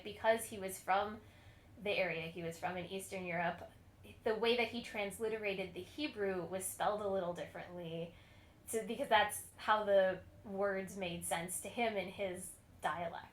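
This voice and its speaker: A woman's voice: medium pitch, fairly bright tone, echoey room. A woman cantor giving a lecture on music history, telling stories in a chatty way and laughing often.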